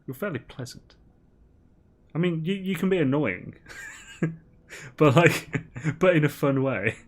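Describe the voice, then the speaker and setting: A man's voice: fairly high pitch, lively intonation, a little slow. Man, game streamer, casual banter, rambling, lots of ums, giggly.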